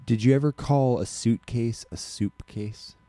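Man, casual podcast chat, rambling storyteller, mellow low voice, dry close sound. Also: measured pace, no echo. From Alaska. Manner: rambling, self-correcting storyteller. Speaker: podcast co-host.

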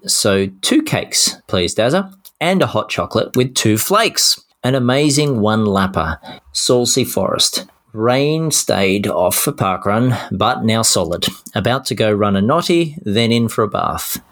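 A man's voice: fairly low pitch, big pitch swings, slow, fairly bright tone. A man co-hosting a podcast, cheerfully reading out listener messages with self-deprecating asides. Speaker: podcast co-host.

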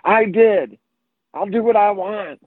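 A man imitating his defiant four-year-old son in a higher, slow, sing-song voice. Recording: tinny phone-like line, dry.

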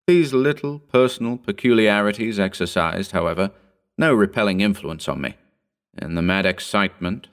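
A man narrating a Victorian short story in a measured, formal reading style. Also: lowish voice, fairly bright tone.

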